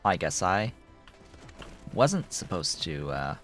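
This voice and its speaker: Unhurried guy streaming a game, chatty and rambly, voice bounces all over, bit of music behind. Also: big pitch swings, a bit bright. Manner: rambling, talks to his cat in a high baby voice. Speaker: gameplay streamer. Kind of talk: casual gameplay commentary.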